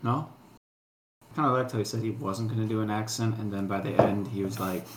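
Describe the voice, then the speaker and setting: A man's voice: on the low side, fairly even intonation, a little fast, reverberant, very noisy. A man playing a tabletop game, joking and sounding a little awkward. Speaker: player.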